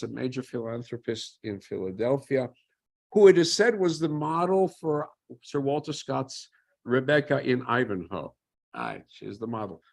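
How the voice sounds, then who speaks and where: Man with a gravelly, husky voice. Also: medium pitch, a little mellow. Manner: conversational, asks rhetorical questions and answers them himself. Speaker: lecturer on Jewish history. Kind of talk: informal history lecture.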